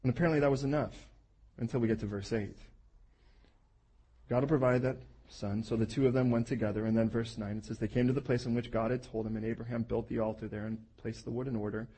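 A husky-voiced man delivers a sermon, retelling scripture in lively, conversational storytelling. He slips into playful acted-out voices for the figures in the story. His pitch sits in an ordinary middle range. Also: fast talker. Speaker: preacher.

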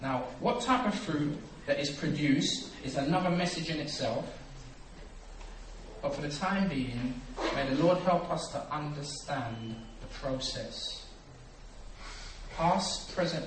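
A man delivers a lively sermon, acting out the characters in his stories and swinging between hushed and loud. His voice sits somewhat high and carries from a distance. It rings through a very echoey hall with a clear hum of background noise. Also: measured pace. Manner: animated storytelling, acts out dialogue, swings from quiet to loud. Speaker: preacher. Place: church hall.

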